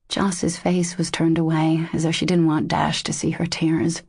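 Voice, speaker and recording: A woman narrating a romance audiobook in a measured, intimate way. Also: deep voice, level tone, darkish tone, breathy edge, dry recording, clean studio sound.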